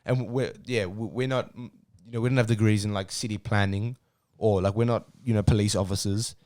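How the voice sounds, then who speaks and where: A man's voice: lowish voice, steady tone, fairly quick, darkish tone, no echo, studio quality. A young man, co-hosting a podcast in a rambling, self-mocking casual chat. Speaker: podcast co-host.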